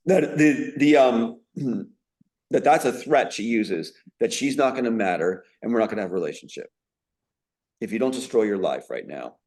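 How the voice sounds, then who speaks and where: Guy on an interview, kinda low voice, going on and on all worked up, lots of ums and uhs. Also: lively intonation, normal speed, a little mellow. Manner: emphatic, indignant, with frequent fillers. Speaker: interview guest. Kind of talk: rambling personal account in an interview.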